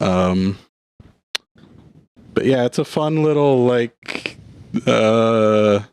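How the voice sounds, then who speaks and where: A man who is a podcast guest, talking casually and hesitantly with many pauses. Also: mid-range voice, lively intonation, a little mellow, smooth. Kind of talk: casual chat.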